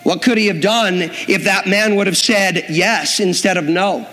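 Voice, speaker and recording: A man's voice: high-pitched, measured pace, fairly bright tone. A man preaching a sermon, building in intensity and acting out the voices he quotes. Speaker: pastor. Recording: long reverb in a hall, faint music behind.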